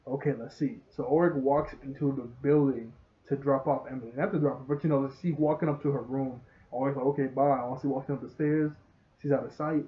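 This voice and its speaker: A man's voice: mid-range voice, steady tone, brisk. A man casually retelling a cartoon episode for a review, rambling and laughing at the scenes. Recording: dull lo-fi audio.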